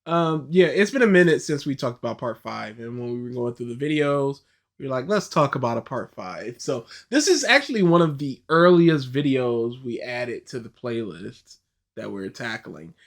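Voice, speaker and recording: A man co-hosting a casual podcast, chatting in an upbeat, animated way. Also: medium pitch, moderate pace. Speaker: co-host.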